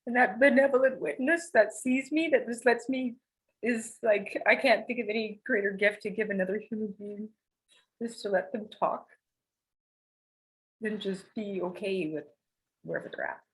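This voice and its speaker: A woman's voice: medium pitch, normal speed, low-quality recording. A candid, rambling woman storyteller. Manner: rambling, emotional, confessional; swears casually. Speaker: podcast guest.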